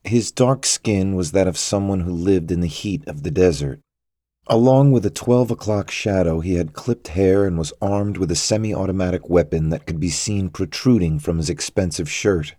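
A man narrating a thriller story in a measured, even storytelling manner. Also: low voice, no room sound, studio quality. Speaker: audiobook narrator.

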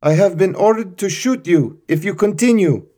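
A man voicing a stern French museum guard who barks out shouted commands. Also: medium pitch, sing-song, slow pace, voice pushed up.

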